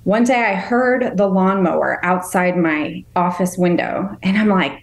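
A woman's voice: fairly low pitch, a little slow, echoey room. A woman guest on a podcast interview, a veteran's wife and caregiver, speaking earnestly and from the heart. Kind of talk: conversational interview.

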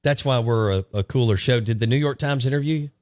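A man hosting a radio show, upbeat and quick to plug events. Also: medium pitch, darkish tone, dry recording. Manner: upbeat, laughs easily, plugs events. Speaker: radio sports show host. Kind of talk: casual radio chat.

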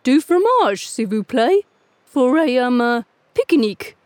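A woman's voice: sits high, very animated, slow pace, darkish tone, no room sound, exaggerated voice. A woman voicing a small, polite male pug in a children's story, cheery and a little shy, carefully trying out French words. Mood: eager.

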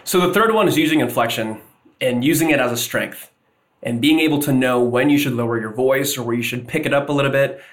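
A man's voice: medium pitch, a bit bright. Casual man acting out cold calls. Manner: casual, acts out sample cold-call lines. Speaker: sales guest. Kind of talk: casual podcast interview.

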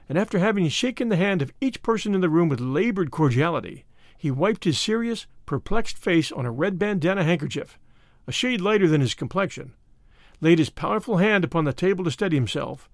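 A man narrating a classic short story in a measured, expressive audiobook reading. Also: sits high, dry recording, studio quality.

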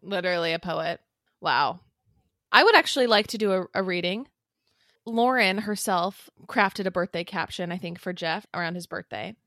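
A woman's voice: fairly low pitch, moderate pace, pushed and bright, no echo. A young woman co-hosting a podcast in casual chat, wry and teasing with dry asides. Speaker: podcast co-host.

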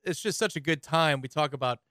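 A man's voice: a little high, fairly quick, sharp tone, no room sound, clean studio sound. A radio co-host playing a cheery, awkward male party guest who rambles about good times. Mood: forced cheer. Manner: chatty, rambling.

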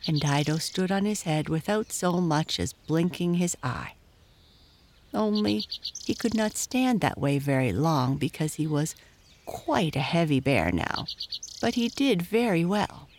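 A woman reading a children's storybook aloud, slow and lively, acting out the voices. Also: deep voice. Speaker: narrator.

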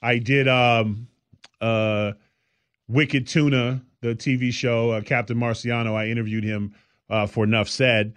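A man's voice: mid-range voice, flat delivery, unhurried, fairly bright tone, clean tone, no room sound. A man co-hosting a podcast, telling stories in a loose, rambling way with lots of fillers. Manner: rambling storyteller, many fillers. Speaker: podcast co-host. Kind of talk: casual chat.

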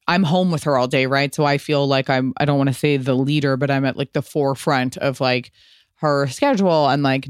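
A woman podcast host in her thirties talks through listener questions in a frank, swearing, lively chatty way. Her voice is smooth and clear, recorded dry and close with no room sound. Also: low voice, dry recording. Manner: candid, profane, animated storytelling. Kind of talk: casual solo podcast answering listener questions.

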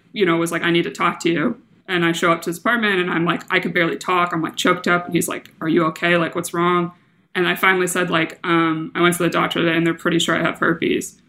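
A young woman with a bright, forceful voice talks as a podcast guest. She is chatty and laughs easily, and she acts out the lines of people in her story. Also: on the low side. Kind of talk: casual interview chat.

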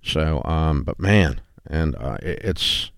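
A man's voice: very deep voice, lively intonation, slow pace, gravelly, no room sound, studio quality. A man hosting a talk show, speaking in a blunt, folksy, rambling way with restarts. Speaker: radio show host. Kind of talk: casual talk show chat.

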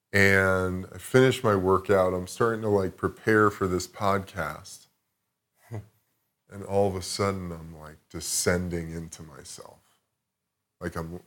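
A man talking as a podcast guest, telling a rambling, profane, reflective story in a casual chat. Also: deep voice.

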